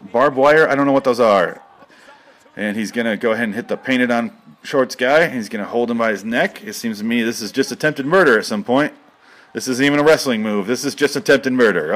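A man doing rambling, deadpan mock sports commentary over video, breaking into sudden excited outbursts. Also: medium pitch. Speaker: comedy commentator.

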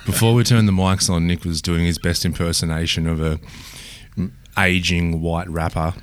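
Deep-voiced Australian man, clear delivery. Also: fairly even intonation, normal speed. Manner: clear, well-spoken delivery. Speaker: podcast co-host. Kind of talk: casual chat.

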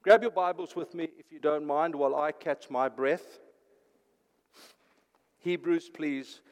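An older man preaching a sermon, swinging between urgent loud declaring and hushed, quiet phrases. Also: a little high, a little slow, big-room sound. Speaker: pastor.

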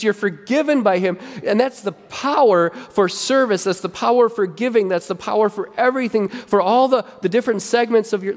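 A man preaching a sermon as pastor, animated and conversational, often repeating and restarting his words. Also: fairly high pitch, in a large hall. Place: church sanctuary.

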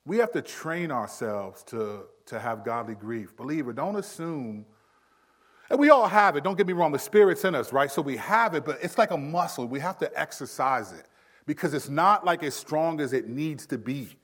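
A man in his thirties preaching a sermon in a conversational style, acting out quick quotes. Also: on the high side, big pitch swings, fairly bright tone. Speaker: pastor.

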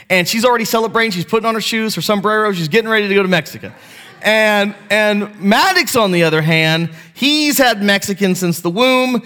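Pastor with a higher voice, reverberant sanctuary. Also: male voice, animated, a little fast, fairly bright tone. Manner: conversational, self-deprecating storytelling. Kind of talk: sermon. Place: church sanctuary. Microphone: handheld mic. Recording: long hall reverb.

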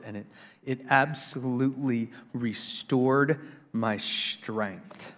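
A male pastor preaching a sermon in a church, swinging between loud, excited preaching and hushed intensity, emphatic and repetitive. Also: mid-range voice, takes it slowly. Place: church sanctuary. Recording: long reverb of a large hall.

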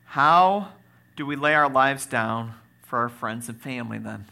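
A man preaching a sermon as pastor, swinging from loud exclaims to quiet asides, with joking moments. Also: mid-range voice, lively intonation, unhurried, creaky.

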